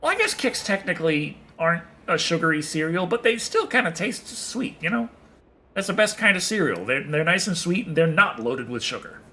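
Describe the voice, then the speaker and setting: A man's voice: a little high, very animated, a little fast, pushed and bright. A man streaming a game and chatting casually with viewers, rambling and swearing with a chuckle. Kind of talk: casual chat with viewers while playing.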